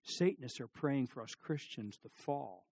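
A middle-aged man preaching a sermon, telling stories with lively emphasis, asking the congregation questions, and dropping to a near-whisper for serious points. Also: medium pitch, moderate pace, creaky, husky, dry recording. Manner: animated storytelling, rising emphasis and sudden drops to near-whisper. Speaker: pastor.

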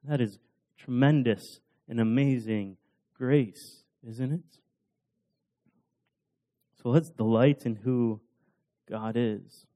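Man, preacher, casual parable storytelling, warm mellow voice. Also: mid-range voice, slow pace, pauses often. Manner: casual storytelling with fillers and restarts. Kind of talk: sermon.

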